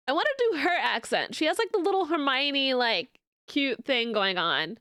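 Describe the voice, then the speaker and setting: Woman streamer rambling at chat, bit high, smooth voice, dry sound. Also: bright, forceful tone, no echo. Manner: rambling, many fillers and restarts.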